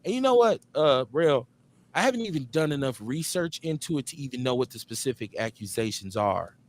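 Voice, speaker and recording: A man's voice: medium pitch, sing-song, fairly quick. A man hosting a live talk show, joking, streetwise and profane in casual banter. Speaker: host.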